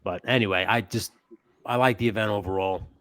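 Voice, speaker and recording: A young man with a low voice, recorded close and dry with little room sound. He talks loosely, with plenty of swearing and offhand asides. It is casual podcast chatter. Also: brisk, a bit bright, no room sound. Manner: loose, profane, laughs and does mock wrestler voices. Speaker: podcast co-host. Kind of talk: casual wrestling chat.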